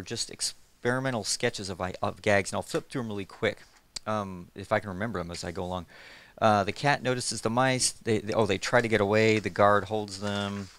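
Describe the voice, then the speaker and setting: In a casual interview, a middle-aged animator and storyboard artist explains what he does, friendly and rambling with plenty of fillers. His voice is on the low side and fairly bright, with no echo.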